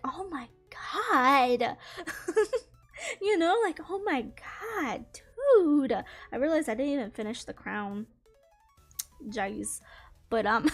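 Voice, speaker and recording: High-voiced Southern young woman chatting. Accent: Southern American. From Southern United States. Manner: chatty, laughs often, lots of "like" and "dude". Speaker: streamer telling a story while drawing. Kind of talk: casual storytime chat.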